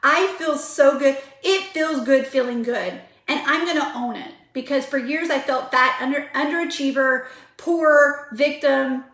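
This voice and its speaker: A woman's voice: high voice, a little slow, fairly bright tone, roomy sound. A woman in her forties giving an earnest, emphatic motivational pep talk to her online group. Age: 40s. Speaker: vlogger.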